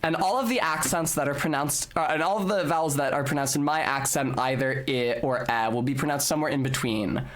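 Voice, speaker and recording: A man's voice: mid-range voice, fairly quick, few pauses, fairly bright tone. A young man streaming a game, chatting casually and explaining at length, with the odd swear. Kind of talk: live game stream chat.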